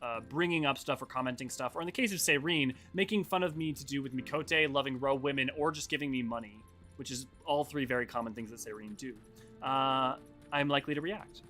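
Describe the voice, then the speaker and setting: A man streaming a game and chatting casually about its lore, animated and self-deprecating, quick to react to his viewers. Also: medium pitch, soft background music. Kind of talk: casual live-stream commentary.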